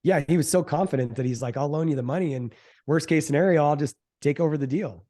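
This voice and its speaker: A middle-aged man, a real estate investor, telling the story of his first deal in a casual interview, animated and quick to act out what others said. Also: fairly high pitch. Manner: animated storyteller, acts out quoted voices, fillers like "um" and "like".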